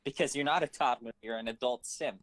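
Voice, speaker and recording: A man's voice: medium pitch, fast talker, a bit bright, dry recording, low-quality recording. A man directing a voice actor, talking casually on his phone, rambling and hesitant with many fillers. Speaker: writer and director.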